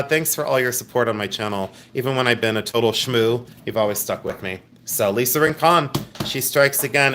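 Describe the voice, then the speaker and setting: A man hosts a casual live stream selling jewelry, chatting in a rambling, jokey way and showing affection toward his viewers. His mid-range voice has a fairly bright tone, with a little hiss or hum in the audio.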